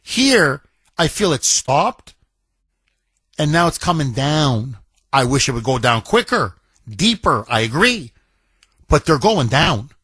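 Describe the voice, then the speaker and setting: A man's voice: a little high, very animated, slow, long pauses, sharp tone, breathy edge, no room sound. Emphatic talk radio host man. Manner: emphatic, repeats key words for stress. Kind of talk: talk radio commentary with callers.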